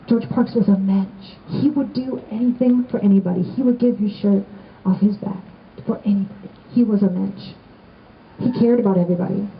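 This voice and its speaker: A middle-aged woman giving a heartfelt remembrance speech to a gathered audience, storytelling with gentle humor. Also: on the high side, lo-fi sound, a little hiss or hum. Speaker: assistant band director giving a remembrance talk. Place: indoors on the steps of a renovated old building.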